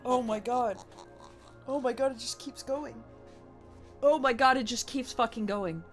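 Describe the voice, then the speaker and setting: A woman livestreamer chatting casually to her viewers. She is excitable and swears a lot, swinging between shouting and mumbling. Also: a little high, measured pace, faint music behind.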